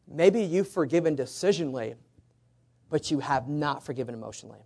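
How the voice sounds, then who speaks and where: A man's voice: on the high side, animated, brisk, a little mellow. A male pastor preaching a conversational sermon in church, coaxing the congregation to call back responses.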